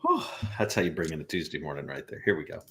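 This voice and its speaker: A man's voice: extremely low pitch, big pitch swings, fast, sharp tone, slight background noise. A man hosting a podcast in casual chat, joking, laughing often and drifting into rambling asides. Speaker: podcast host.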